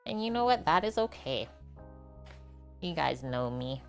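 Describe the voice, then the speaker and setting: A woman's voice: sits low, very animated, measured pace, creaky, soft background music. Chatty young woman hosting a cooking stream. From half French. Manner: chatty, reads and answers chat while cooking. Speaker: cooking livestream host. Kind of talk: casual cooking livestream chat. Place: home kitchen.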